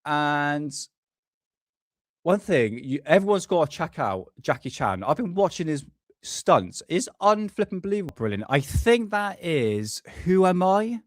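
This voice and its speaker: A man's voice: on the high side, big pitch swings, measured pace, no echo. A man hosting a live stream, talking casually and ranting with swear words.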